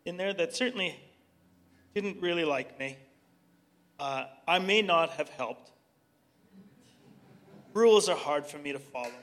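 A middle-aged man with a slightly high voice shares a heartfelt testimony and leads a prayer. He talks earnestly and conversationally, often restarting his sentences mid-thought. His words carry a long reverb, as if spoken in a large hall. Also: animated, unhurried, long pauses, fairly bright tone. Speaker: youth organization director and speaker. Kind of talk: personal testimony and leading prayer.

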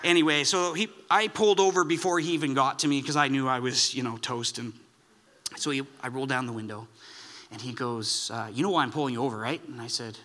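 A man's voice: mid-range voice, steady tone, brisk, pushed and bright. A man preaching a sermon in a chatty, self-deprecating storytelling way, with many restarts. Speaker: pastor.

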